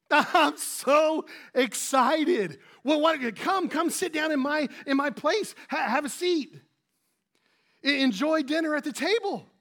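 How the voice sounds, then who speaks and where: A man voicing a starstruck dinner guest who gushes breathlessly, pitched high and loud. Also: animated, takes it slowly, full character voice. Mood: gushing.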